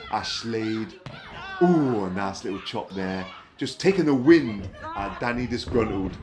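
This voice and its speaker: Excitable wrestling commentator over music. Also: male voice, unhurried. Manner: excitable, jumps to high yelps at big moves. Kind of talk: play-by-play commentary.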